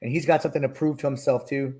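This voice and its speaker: A man guesting on a casual golf podcast, relaxed and agreeable, chiming in often. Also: medium pitch, racing.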